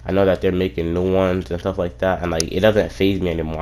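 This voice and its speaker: Very low-voiced young man vlogging. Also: level tone, fast, a little mellow, a little hiss or hum. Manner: loose, filler-heavy talk with many "like"s. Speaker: YouTuber. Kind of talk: casual storytelling vlog.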